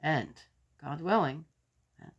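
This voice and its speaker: A woman's voice: low voice, lively intonation, slow, slightly rough, muffled recording. An older woman in a rambling, chatty talk, sharing a story and a blessing with her viewers. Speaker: faith vlogger. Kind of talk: casual chat.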